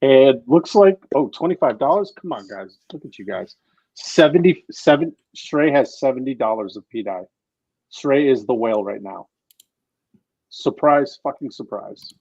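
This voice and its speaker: A man hosting a casual crypto livestream, excitable and swearing freely as he talks to viewers. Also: mid-range voice, moderate pace, slightly rough, dry recording, dull audio. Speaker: livestream host.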